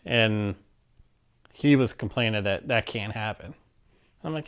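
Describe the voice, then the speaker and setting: A man's voice: on the low side, moderate pace, long pauses, fairly bright tone. A man from Maryland being interviewed, telling a personal story in a plainspoken, rambling way and acting out the back-and-forth of old conversations. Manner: plainspoken, rambling, acts out quoted exchanges.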